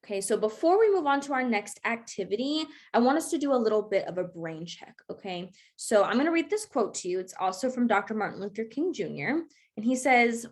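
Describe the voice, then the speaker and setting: A woman's voice: a little high, sing-song, brisk, few pauses. A young woman teaching an online class, encouraging and checking in often with her students. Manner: encouraging, checks in with frequent okays.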